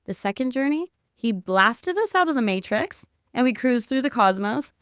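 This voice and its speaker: Smooth-voiced excitable woman storyteller. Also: a little high, normal speed, no echo, clean studio sound. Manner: excitable, fills talk with "like", spiritual vocabulary. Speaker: podcast guest. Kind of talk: animated storytelling in casual chat.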